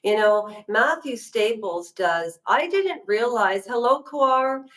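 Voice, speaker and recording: A woman hosts a casual livestream and talks slowly at a relaxed, unhurried pace. She rambles in a chatty way and speaks straight to her viewers. She is from Canada. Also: fairly high pitch, low-quality recording. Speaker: livestream host.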